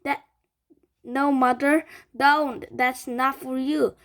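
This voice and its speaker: A woman voicing a doubtful, fretful mother who pleads and frets, reading slowly. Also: sits high, fairly even intonation, a bit bright, pitched above the performer's own voice, exaggerated voice.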